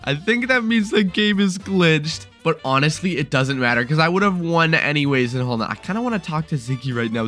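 A young man giving excited, exclamatory commentary over a video game, often repeating himself in bursts. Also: fairly high pitch, faint music behind. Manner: hyper, exclamatory, repeats phrases rapidly. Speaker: gaming YouTuber.

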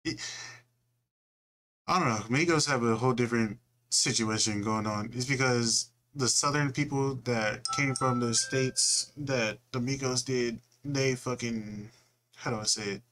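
A man's voice: medium pitch, unhurried, fairly bright tone. A young man in his twenties from California, rambling and slangy, who swears freely as he comments on a video. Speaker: reaction video host.

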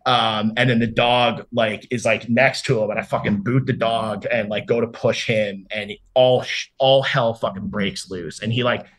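A man's voice: medium pitch, steady tone, normal speed, hardly any pauses, fairly bright tone. A man of about forty, an interview guest telling a story casually, swearing freely, filling his talk with "like" and acting out what people said. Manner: loose and profane, heavy on "like", acts out quoted dialogue.

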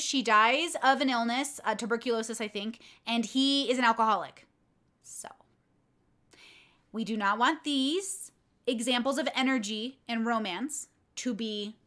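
A woman's voice: fairly high pitch, a bit bright. A young adult woman casually telling a personal story on a livestream, candid and rambling with many fillers. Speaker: content creator and streamer.

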